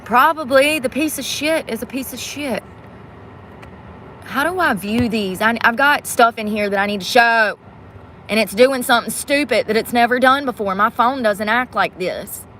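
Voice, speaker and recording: A woman's voice: fairly high pitch, normal speed, pushed and bright. Woman ranting to her viewers, annoyed and swearing at a device, faint noise behind. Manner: frustrated, muttering and cursing while fiddling with a device. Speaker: vlogger. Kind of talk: casual vlog talk to viewers.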